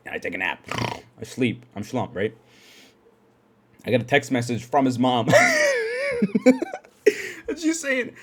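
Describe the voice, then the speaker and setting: A young man hosting a podcast from his dark room at home, telling a story in an animated, profane way and laughing often. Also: medium pitch, slightly rough. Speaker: podcast host. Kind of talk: casual storytelling.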